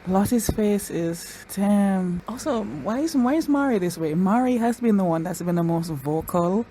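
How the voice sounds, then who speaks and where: A woman giving excitable reaction commentary on an episode, bursting into loud exclamations and then rambling quickly through her analysis. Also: medium pitch, slight background noise. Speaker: reaction vlogger.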